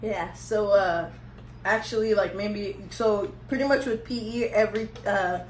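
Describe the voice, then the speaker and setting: A woman's voice: mid-range voice, a little slow. A young woman telling a storytime vlog, rambling and laughing at herself. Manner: laughing, rambling, self-teasing. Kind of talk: casual storytime chat. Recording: echoey room, faint background hum.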